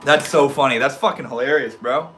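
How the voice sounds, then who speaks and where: A man's voice: medium pitch, a little fast, fairly bright tone, soft background music. A man hosting a casual live stream, reading the chat aloud, joking around with slang and laughing often. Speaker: livestream host reading chat.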